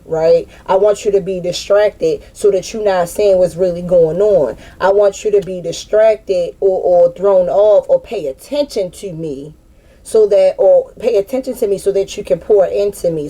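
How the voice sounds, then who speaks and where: A tarot reader, a woman, gives a relaxed spiritual card reading that is loose, profane, and packed with slang. Her voice is slightly low, warm, and mellow.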